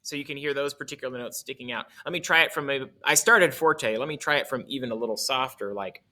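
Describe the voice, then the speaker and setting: Fast-talking, with a medium pitch and a bright, forceful tone, this music teacher casually walks through articulation. He fixes his own wording along the way and plays examples on his instrument.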